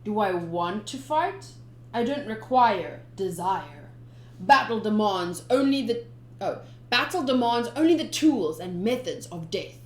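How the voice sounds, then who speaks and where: A woman voicing a cold, ruthless male pirate commander, speaking in a measured, menacing way. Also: mid-range voice, lively intonation, reverberant, close to an everyday voice.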